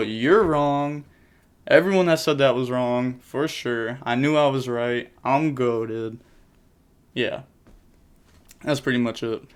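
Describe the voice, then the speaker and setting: A young adult man casually commentating card game replays, rattling off plays in quick bursts with jokey asides. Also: medium pitch, clean tone.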